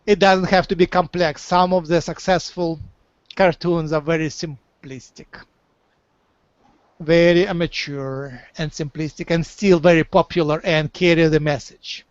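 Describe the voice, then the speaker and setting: A man speaks slowly and kindly, offering guidance during a channeling session. His voice sits a little high and sounds dry and close. It comes through a muffled, lo-fi video call. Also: little pitch movement, clean tone, no echo. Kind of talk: advice in a group video call. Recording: dull lo-fi call audio.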